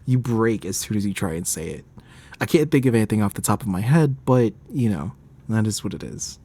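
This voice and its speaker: A man's voice: fairly low pitch, expressive, a little fast, dark tone. A man streaming a game, chatting casually, laughing often and grumbling about the game.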